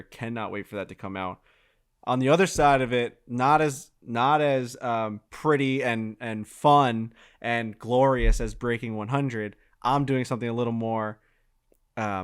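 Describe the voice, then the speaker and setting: An excitable young man co-hosting a podcast, swearing freely as he tells stories. He speaks in a middle pitch, loose and chatty. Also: clean tone. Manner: excitable, profane storytelling. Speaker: podcast co-host. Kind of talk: casual podcast chat.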